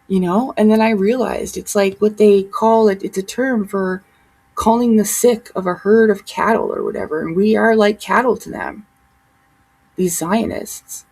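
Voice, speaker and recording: A woman's voice: medium pitch, a little mellow, breathy edge, rough recording. A woman vlogger talking straight to her viewers in a heated, rambling, profane monologue. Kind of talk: casual ranting monologue.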